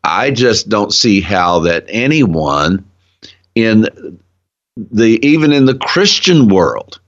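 A man with a very deep voice talks slowly and earnestly as a guest in a casual Bible discussion. He is clearly enthusiastic about his subject. The audio is muffled and lo-fi. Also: big pitch swings, a bit bright. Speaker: guest, ministry founder.

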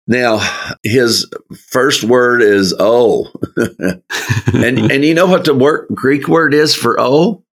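A man leading a verse-by-verse Bible study, speaking in a slow, folksy way with chuckling asides. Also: mid-range voice, a bit bright. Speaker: Bible teacher.

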